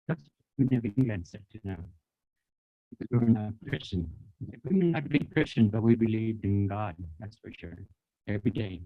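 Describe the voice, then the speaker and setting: A man's voice: lowish voice, moderate pace, dry recording, muffled recording. A man from the Apache nation, emceeing a dance at an outdoor festival, friendly and teaching, getting the crowd to repeat words. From Apache nation, North America. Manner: friendly, teaching, gives the audience phrases to repeat.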